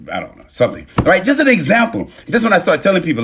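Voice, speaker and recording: Male live-stream host, phone mic, loose and profane, pitch swinging all over the place. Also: very fast, few pauses, slightly rough. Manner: animated, swings between loud and low, profane slang. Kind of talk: casual live-stream monologue.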